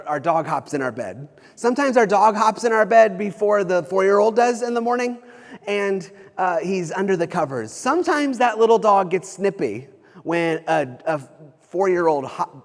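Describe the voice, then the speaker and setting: A pastor in his thirties preaches a sermon in a loose, conversational style, often restarting and repeating phrases. His voice sits a little high for a man, and a long reverb tail suggests a church sanctuary.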